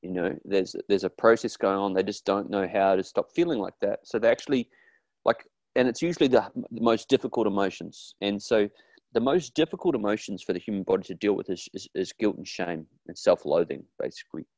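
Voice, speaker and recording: A man's voice: on the low side, brisk, a little mellow, no room sound. Earnest man in dry close-up. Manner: earnest, acts out quoted voices, many restarts. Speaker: therapist guest. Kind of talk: casual conversational interview.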